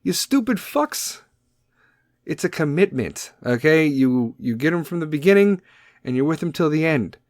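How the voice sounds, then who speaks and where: A man in his thirties hosts a podcast from home, speaking casually, bluntly and emotionally and swearing freely. His fairly high, darkish voice moves at a moderate pace, captured on a podcast microphone with studio quality and no echo.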